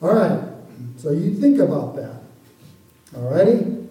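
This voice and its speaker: Male pastor, high and mellow voice, preaching casually, recorded far off the mic in a roomy hall. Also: big pitch swings, a little slow. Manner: conversational, keeps asking the congregation for an amen. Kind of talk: sermon. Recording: echoey room, voice from far off the mic.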